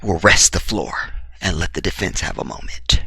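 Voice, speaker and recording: A man giving opinionated true-crime commentary, talking in an emphatic, animated way with blunt, profane remarks. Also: low voice, moderate pace, gravelly, breathy edge, dry recording. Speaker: commentary vlogger.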